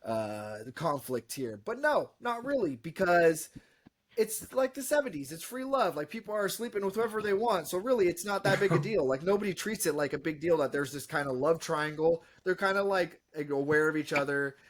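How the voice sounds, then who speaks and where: A man's voice: on the high side, animated, moderate pace. A man co-hosting a podcast, reviewing a film in casual, rambling chat full of fillers.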